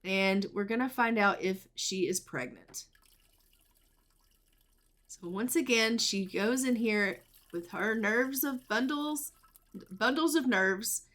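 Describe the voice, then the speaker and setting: A woman's voice: a little high, takes it slowly, a bit bright. A woman narrating a life-sim game in a chatty, storytelling way. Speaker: let's play narrator.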